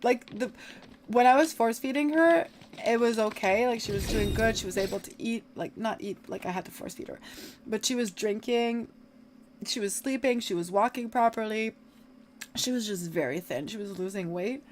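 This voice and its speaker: A woman livestreamer talks into a desk mic, chatting casually while she games. Her voice sits a bit high, and she rambles, leaning on "like" again and again. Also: moderate pace, a little hiss or hum. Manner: rambling, heavy use of "like" fillers. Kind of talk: casual chat while gaming.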